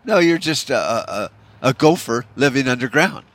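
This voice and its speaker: A man's voice: mid-range voice, sing-song, moderate pace, fairly bright tone. A man hosting a solo podcast, delivering a rambling, profane rant in a discouraged, bitter tone, full of "you know" fillers. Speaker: podcast host.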